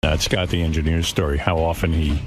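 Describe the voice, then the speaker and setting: A man's voice: a bass voice, flat delivery, fairly quick, music in the background. A man hosting a radio talk show, teasing and scolding a staff member in blunt banter.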